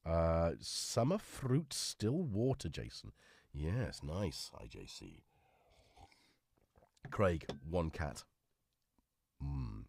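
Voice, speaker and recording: Guy rambling on his stream, full of cold, deep voice bouncing all over. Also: wildly swooping pitch, drawn-out words, gravelly, long pauses, a little mellow, husky. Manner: rambling, self-mocking, jokey. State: congested with a cold. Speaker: livestream host. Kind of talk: casual livestream chat.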